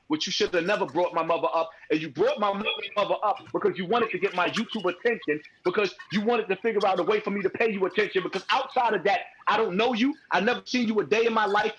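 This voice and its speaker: A man's voice: high voice, fairly bright tone, dull audio, slight background noise. A man arguing heatedly as a guest on a live call-in stream, repeating himself as he presses his point. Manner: heated, confrontational, repeats phrases.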